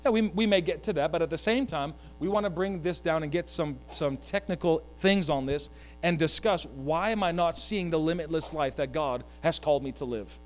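A man with a high voice preaches a lively sermon, cracking jokes and asking his listeners to say lines back to him. A steady mains hum sits behind his voice. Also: moderate pace. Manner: animated, joking asides, calls for congregation to repeat. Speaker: pastor.

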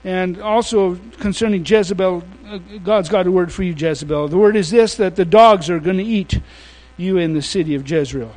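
A man preaching a sermon retells a story in a folksy, slangy, informal way, halting and restarting his sentences often. His voice sits high and is a little mellow, and the audio quality is poor.

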